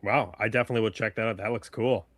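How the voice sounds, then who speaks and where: Male co-host, relaxed and casual, dry close recording. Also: on the low side, rapid-fire, no room sound. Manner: easygoing, laid-back, lots of "like" and "yeah". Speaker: podcast co-host. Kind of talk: casual movie chat.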